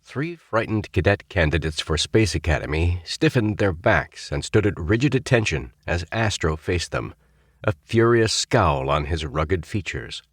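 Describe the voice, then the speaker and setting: A man narrating a children's space adventure audiobook with expressive storytelling. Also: low-pitched, measured pace, slightly rough, dry recording, clean studio sound. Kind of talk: scripted narration.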